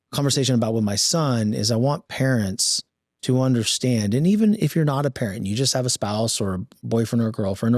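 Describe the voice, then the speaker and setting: A man's voice: medium pitch, darkish tone, no echo, clean studio sound. A middle-aged man on a podcast, telling a family story with earnest conviction and acting out the dialogue. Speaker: podcast guest. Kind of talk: casual conversation.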